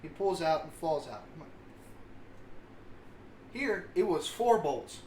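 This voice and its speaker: A man's voice: a little high, expressive, takes it slowly, mellow. A man, co-hosting a podcast and telling rambling, self-mocking stories full of swearing. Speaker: podcast co-host. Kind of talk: casual storytelling. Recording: roomy sound with faint hiss.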